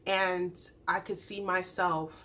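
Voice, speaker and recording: Bright, chatty young woman recapping TV. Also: fairly low pitch, slow pace. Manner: chatty and animated, acting out the people she quotes. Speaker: YouTube TV recap host. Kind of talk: casual recap vlog.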